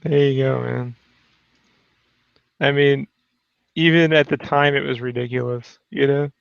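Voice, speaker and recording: A man's voice: medium pitch, steady tone, measured pace, vocal fry, clean tone, no echo. A man in a casual chat, laid-back and teasing, recorded with a dull, dry lo-fi sound.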